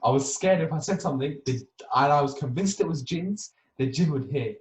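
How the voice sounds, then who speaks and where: A young podcast co-host with a slightly high voice tells a story casually and fairly quickly, animatedly acting out scenes and tagging lines with "yeah?". The mic sits at a distance, giving a roomy sound.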